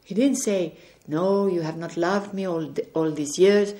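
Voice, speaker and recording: Earnest woman speaker, soft dark tone, recounting faith experiences at home. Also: lowish voice, a little slow. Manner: earnest, gently recounting conversations. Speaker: religious speaker. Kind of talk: spiritual testimony talk. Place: indoors at home.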